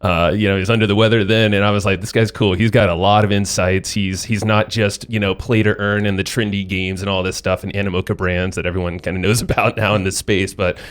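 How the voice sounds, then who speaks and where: A man hosting a podcast who chats in a relaxed, casual way and laughs easily with his guest. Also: lowish voice, quick pace, hardly any pauses, clear, resonant tone. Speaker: podcast host. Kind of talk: casual interview chat.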